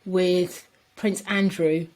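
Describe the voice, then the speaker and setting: A woman co-hosting a podcast in casual chat, animated and emphatic. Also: lowish voice, drawn-out words. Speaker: podcast co-host.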